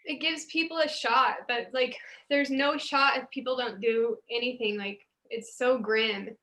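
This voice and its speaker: A woman's voice: on the high side, fairly even intonation, a little slow, sharp tone. A woman paramedic supervisor telling earnest stories from her work during an online CPR class over a video call. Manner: earnest, emotional, with restarts. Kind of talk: Zoom class sharing stories.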